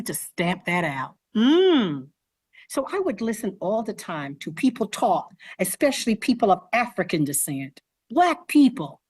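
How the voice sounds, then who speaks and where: A woman author telling a story to students, speaking to them directly as an animated storyteller. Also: on the low side, husky, dry recording, clean studio sound. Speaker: children's author visiting schools.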